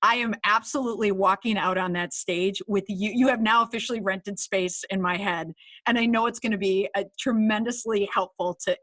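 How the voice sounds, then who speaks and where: A woman's voice: mid-range voice, fairly even intonation, moderate pace, a bit bright. Enthusiastic woman podcast host. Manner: enthusiastic, exclamatory. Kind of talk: casual podcast interview.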